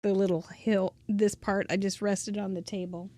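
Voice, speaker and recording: A woman's voice: medium pitch, little pitch movement, normal speed, mellow, no room sound. A woman giving a chatty, casual crafting tutorial, drifting into asides and laughing often. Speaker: crafting instructor.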